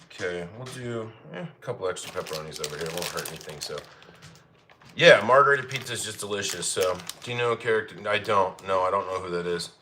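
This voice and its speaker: A man's voice: low-pitched, animated, fast talker, bright, forceful tone, a little hiss or hum. A man from Colorado casually chatting with his livestream chat while he cooks, reading out and answering the comments. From Colorado, United States. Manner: chatty, reads chat comments aloud, easygoing. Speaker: livestream cooking host.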